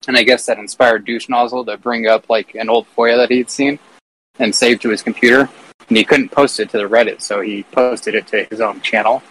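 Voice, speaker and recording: A man's voice: medium pitch, fairly even intonation, fairly quick, a bit bright, breathy edge, rough recording. A man appearing as a podcast guest, telling a story in a laid-back, casual way.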